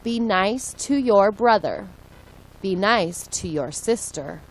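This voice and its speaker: Woman reader for a listening lesson: very slow, clear, deliberate pacing. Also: mid-range voice, expressive, low-quality recording. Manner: slow, deliberate, one short sentence at a time. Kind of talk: slow read-aloud for learners.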